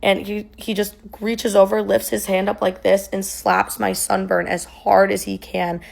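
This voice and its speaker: A woman's voice: mid-range voice, little pitch movement, a little slow, creaky. A young woman casually recounting a personal story, rambling with lots of "like" and "um". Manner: rambling, filler-heavy retelling with many "like" and "um".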